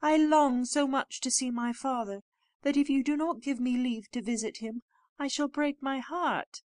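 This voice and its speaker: A woman's voice: on the high side, animated, moderate pace, a little mellow, no room sound, studio quality, lightly acted. A woman reading aloud voices a kind, honest young woman in a storybook, speaking earnestly and firmly. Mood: anguished. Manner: earnest, firm and candid.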